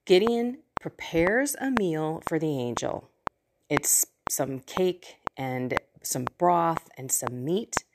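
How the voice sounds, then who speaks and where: A woman with a lowish voice walks slowly through a Bible story, chatting and joking as she goes. Steady hiss runs under her voice throughout the recording. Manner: conversational, with playful asides. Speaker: podcast host. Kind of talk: casual Bible teaching.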